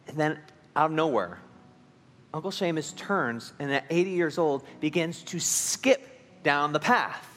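A pastor delivering a sermon in a fairly high voice, earnest and emphatic at times, quiet at others. The sound carries a long hall reverb. Soft instrumental music sits underneath. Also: male voice.

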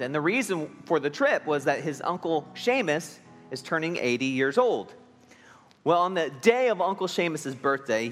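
A pastor delivering a sermon in a fairly high voice, earnest and emphatic at times, quiet at others. The sound carries a long hall reverb. Soft instrumental music sits underneath. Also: male voice.

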